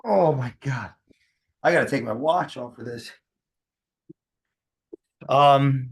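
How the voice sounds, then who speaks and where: Relaxed joking male podcast host. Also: mid-range voice, slow pace, long pauses, breathy edge. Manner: relaxed, jokey, laughs easily. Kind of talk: casual podcast chat.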